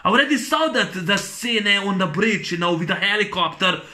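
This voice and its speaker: Profane, rambling, high-voiced man ranting. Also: normal speed, pushed and bright. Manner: rambling, profane, many fillers and restarts. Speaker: movie reviewer. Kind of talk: profane movie rant.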